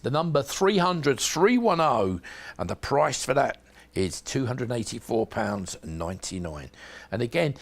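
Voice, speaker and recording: A man's voice: mid-range voice, sing-song, a little slow. Chatty South London shopping-channel man. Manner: chatty, salesy, addresses viewers directly. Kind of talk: home shopping sales pitch.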